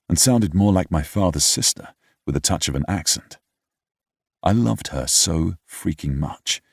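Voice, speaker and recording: A man's voice: deep voice, husky, no room sound, studio quality. A young British man narrating a first-person romance audiobook in a reflective, wry, slightly pompous way. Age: young adult.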